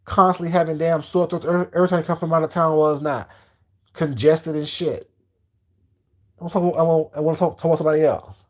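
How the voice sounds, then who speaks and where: A man's voice: fairly high pitch, fairly even intonation, fast talker. A man ranting bluntly to his live-stream chat, heated and swearing freely.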